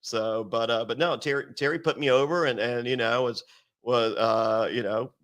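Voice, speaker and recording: Animated, foul-mouthed storytelling man. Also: mid-range voice, moderate pace. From Virginia, US. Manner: animated, acts out quotes in raised voice, heavy swearing. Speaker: interview guest. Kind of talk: casual storytelling with profanity.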